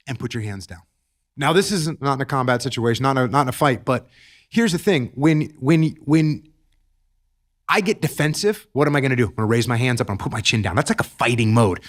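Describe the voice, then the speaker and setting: Middle-aged veteran guest, somewhat high-pitched, emphatic and earnest, repeats himself mid-thought. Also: male voice, a bit bright. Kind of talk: podcast storytelling and advice.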